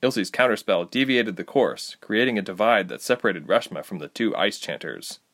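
Male audiobook narrator, animated pitch, steady scripted delivery. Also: normal speed.

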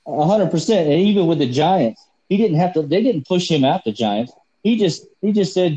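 A man's voice: fairly high pitch, animated, moderate pace, mellow, poor audio. A man co-hosting a podcast, ranting passionately and profanely in a heated sports debate. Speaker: podcast co-host.

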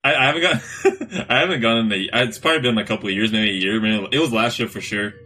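A young man co-hosting a loose podcast conversation, laughing often and wandering through fillers as he talks. His voice is bright and a little husky. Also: on the low side, fast. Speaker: podcast co-host. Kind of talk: casual chat.

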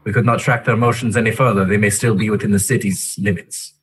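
Stiff male soldier, formal and clipped, low voice, played by a man. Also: fairly even intonation, fast, a little hiss or hum, natural voice. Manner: formal, clipped military speech.

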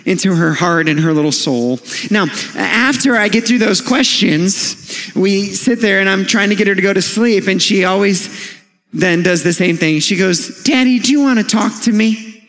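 A man's voice: high voice, a bit bright. A man in his thirties preaching a sermon as a pastor, in a conversational storytelling manner with light humor. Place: church sanctuary. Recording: long church hall reverb.

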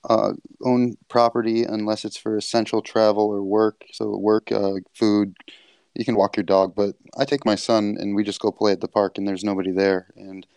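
A man chatting casually as a podcast guest in a matter-of-fact, low-key way. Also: little pitch movement, moderate pace, vocal fry, darkish tone, clear, resonant tone, dry recording.

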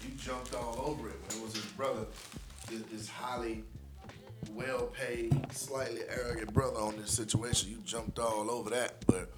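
A man's voice: mid-range voice, little pitch movement, moderate pace, loud music behind the voice. A man co-hosting a casual podcast, talking in long emphatic opinions full of "you know" fillers. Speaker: podcast co-host.

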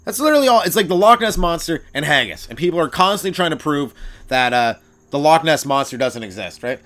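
A man, a comedian hosting his own podcast, riffing through a stand-up monologue, swearing freely and breaking into loud exaggerated voices. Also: fairly high pitch, expressive, fast. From Canada.

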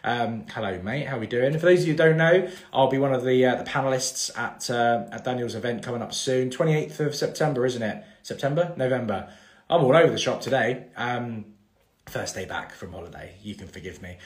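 A man's voice: mid-range voice, brisk. A man, hosting a casual live-stream Q&A about mortgages and rambling through fillers and restarts. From England. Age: 30s. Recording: echoey room.

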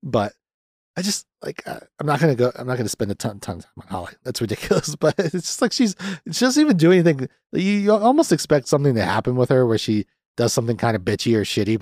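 A man's voice: medium pitch, darkish tone, no echo, clean studio sound. A man in his thirties hosting a podcast, chatting casually and ramblingly about a film and swearing freely. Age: 30s. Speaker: podcast host. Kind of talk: casual movie review chat.

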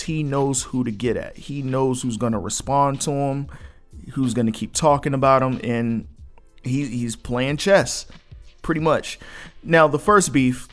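A man hosting a solo podcast, chatting casually and with amusement as he recounts gossip. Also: mid-range voice. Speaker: podcast host.

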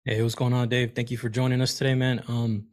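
A man's voice: mid-range voice, flat delivery, quick pace. A man calling in with a question, talking in a rambling, informal way with many fillers. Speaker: caller. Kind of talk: casual question to a guest.

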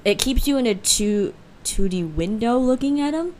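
A young woman with a fairly high-pitched voice co-hosts a podcast at a moderate pace, against a little hiss or hum. In casual chat she tells animated stories, laughs often and does voices.

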